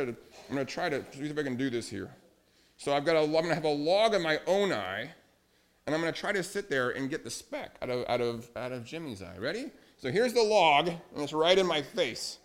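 Male pastor, children's sermon, animated, quizzes the kids, slightly high voice. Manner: animated, asks children questions. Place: church sanctuary.

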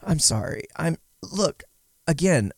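A man's voice: a little high, very animated, slow pace, gravelly, slightly rough, no room sound, studio quality. A man giving casual commentary, sarcastic and mocking, sometimes voicing quotes in exaggerated tones. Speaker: podcast commentator.

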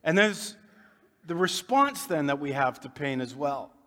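Joking pastor in a reverberant church. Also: male voice, fairly high pitch, sing-song, unhurried, sharp tone. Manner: folksy, joking, conversational preaching. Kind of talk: sermon. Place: church sanctuary. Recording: long reverb of a church hall.

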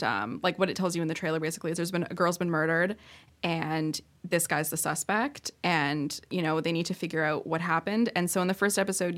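A woman co-hosting a podcast, retelling a show's plot in casual chat with lots of likes and ums. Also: fairly low pitch. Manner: rambling, filler-heavy retelling. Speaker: podcast co-host.

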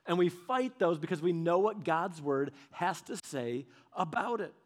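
A man preaching a sermon, telling stories with animated delivery and acting out quoted voices. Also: high voice, unhurried.

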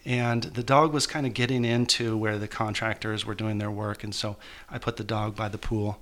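A man being interviewed as an author, telling a painful personal story in a halting, emotional way with many restarts. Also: on the low side, little pitch movement, fairly bright tone. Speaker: guest author.

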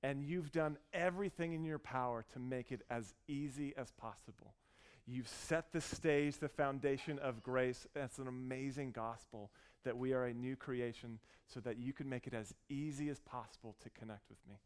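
A man in his thirties preaching a sermon, earnest and warm as he tells a story, with frequent restarts. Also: medium pitch, normal speed, clean tone. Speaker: pastor.

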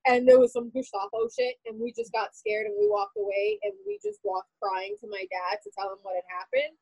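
A woman telling a painful personal story in an interview, animated and full of "like" fillers. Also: very high-pitched, fairly quick, vocal fry, no echo, poor audio. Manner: animated, heavy use of "like" fillers.

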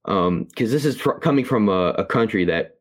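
A man co-hosting a podcast, reviewing a movie in casual chat, halting with many fillers and restarts. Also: fairly low pitch, expressive. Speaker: podcast co-host.

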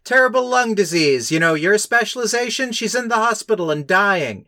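A man's voice: high-pitched, expressive, normal speed, sharp tone, no echo, clean studio sound, voice pushed up, heavily acted. A man voicing an elderly Italian mother who pleads with an exaggerated singsong. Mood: pleading.

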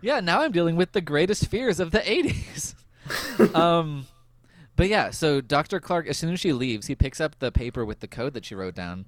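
Chatty man with a lively voice. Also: a little high, moderate pace, no room sound. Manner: chatty, laughs often, many fillers. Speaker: podcast host. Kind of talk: casual chat recapping a TV episode.

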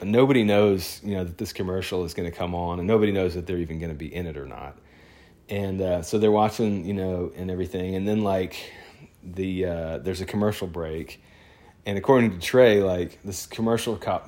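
Deep-voiced guy rambling through a story, chatty and excited. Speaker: photographer. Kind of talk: casual storytelling monologue.

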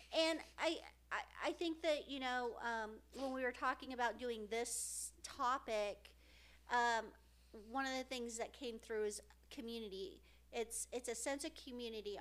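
A woman's voice: on the high side, a bit bright. A middle-aged woman co-hosting a podcast, talking in an earnest, rambling, emotional way about family and friendship. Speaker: podcast co-host. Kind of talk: casual heartfelt podcast chat.

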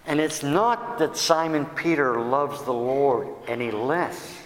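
Male deacon preaching slowly, reads scripture dialogue aloud, roomy echoing church sound. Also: medium pitch. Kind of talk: sermon.

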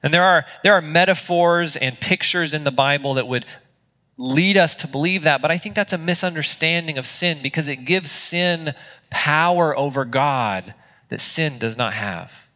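A pastor delivers an earnest, conversational sermon in a crisp, forceful voice, now and then restarting a phrase. His words ring out through a church auditorium with a long, trailing echo. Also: a little high, moderate pace.

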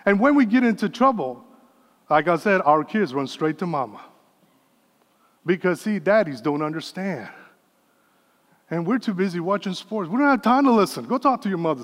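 Man, 50s, pastor, sermon, earnest, folksy asides, high voice, long reverb. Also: big pitch swings, normal speed, pauses often.

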